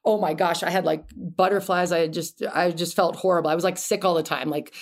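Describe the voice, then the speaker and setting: A middle-aged woman, a podcast guest, telling stories in a chatty, animated way with many restarts and asides. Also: fairly low pitch, a little fast. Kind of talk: casual interview storytelling.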